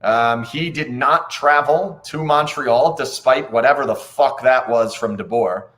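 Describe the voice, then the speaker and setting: A man's voice: mid-range voice, a little slow. A man hosting a casual hockey show, breaking down a game bluntly and with disbelief, swearing now and then. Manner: blunt, animated, swears, incredulous. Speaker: hockey podcast host. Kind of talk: casual post-game analysis.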